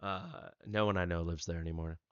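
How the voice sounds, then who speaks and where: With a low, smooth voice and a brisk, even delivery, a U.S. live-stream host chats and meanders through anecdotes, frequently restarting his sentences. The lo-fi recording is dull and completely dry.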